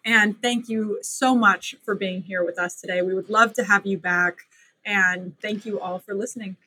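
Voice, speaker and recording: A woman hosting a podcast interview, effusive and quick to laugh. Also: mid-range voice, steady tone, breathy edge, low-quality recording. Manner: warm, effusive, laughs often. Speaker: podcast host.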